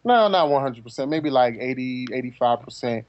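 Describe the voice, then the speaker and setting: A man's voice: mid-range voice, animated, a little fast, dry recording, muffled recording. A man from New Jersey, a podcast panelist, rambling in casual chat with lots of "you know" fillers.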